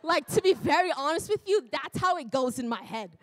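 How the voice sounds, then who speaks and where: A woman's voice: sits high, animated, fairly quick, fairly bright tone, no echo. A woman preacher delivering a sermon in a church, often laughing, breaking off and exclaiming to herself. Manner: laughing, self-interrupting, exclamatory.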